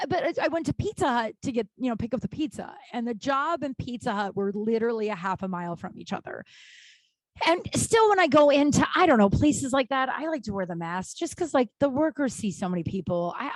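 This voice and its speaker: A woman's voice: fairly high pitch, no echo. Candid, profane woman podcaster in a dry room. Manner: candid and profane, rambling with restarts, swinging into animated outbursts. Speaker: podcast host. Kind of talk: casual solo podcast monologue.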